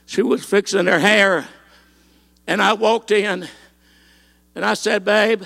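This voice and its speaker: Gravelly high-voiced impassioned preacher man. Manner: impassioned, with frequent "uh" fillers and rising shouted peaks. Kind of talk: sermon.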